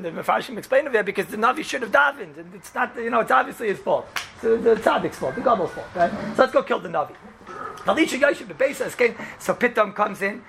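A man teaching a casual class as a rabbi, telling the story in an animated way and acting out the quoted lines, with lots of "right?" and "you know". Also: high voice, creaky, a little hiss or hum. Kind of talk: casual classroom Torah lesson.

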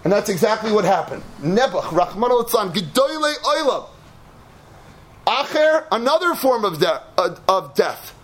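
A man giving an animated Torah sermon, building to shouts and peppering his talk with Hebrew and Yiddish terms. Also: high voice.

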